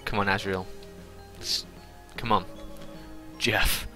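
A man's voice: on the low side, little pitch movement, slow pace, sharp tone, faint music behind, low-quality recording. A man giving playful, jokey commentary while playing a video game. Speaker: let's play commentator. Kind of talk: casual gameplay commentary.

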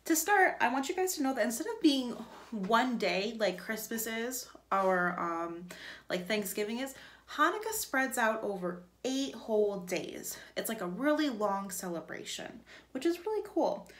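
A woman's voice: a little high, a bit bright. A woman music teacher giving an upbeat virtual lesson to young children, chanting rhythms for them to repeat.

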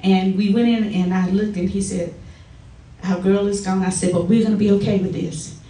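A middle-aged woman giving a personal testimony at a church service, telling stories in a lively way and acting out the quotes. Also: mid-range voice, moderate pace. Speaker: church member giving a tribute. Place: church sanctuary. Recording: echoey church from far off.

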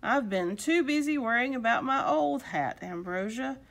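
A woman's voice: a little high, lively intonation, moderate pace, vocal fry, fairly bright tone. A woman voicing a kindly, fussy old man in a storybook read-aloud. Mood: musing. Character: kindly old man fretting over his hat.

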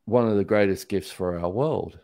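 A man's voice: fairly low pitch, moderate pace, dark tone, no echo. A man speaking as a guest in a casual conversation, reflective and thoughtful.

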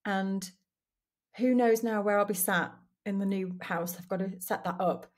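A woman in her dining room records a candid solo episode of her own podcast, reflecting aloud with frequent restarts and self-directed laughter. Her voice is mid-range and steady, and she talks a little slowly.

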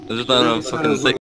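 A Scottish man chatting casually with friends while gaming, blunt and swearing freely. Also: lowish voice. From Scotland. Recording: noisy background.

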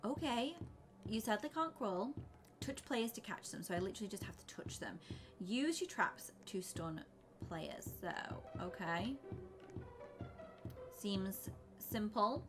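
A young woman giving flustered, excitable commentary while playing a game, often breaking into screams. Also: medium pitch, measured pace, faint music behind. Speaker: gaming YouTuber. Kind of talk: let's play commentary.

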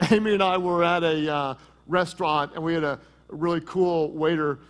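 A man preaching a sermon as pastor, swinging from loud emphasis to hushed intensity and telling stories with quick asides. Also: on the high side, steady tone, in a large hall.

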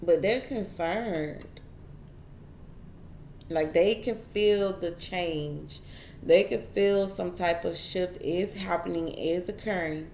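A woman's voice: fairly low pitch, takes it slowly, a little mellow, roomy sound, a little hiss or hum. A woman giving a casual tarot reading straight to her viewers, chatty and repeating herself as she goes. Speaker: tarot reader.

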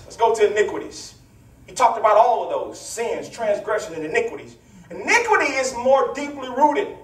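A man's voice: very high-pitched, fairly bright tone. A male pastor preaching a teaching sermon, playful and hollering, trading call-and-response with his congregation. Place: church sanctuary. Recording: echoey church, voice from far off mic.

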